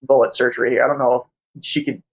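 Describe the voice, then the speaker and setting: Male game master; halting, filler-heavy narration. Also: mid-range voice, flat delivery, highs cut off. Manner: hesitant, full of fillers.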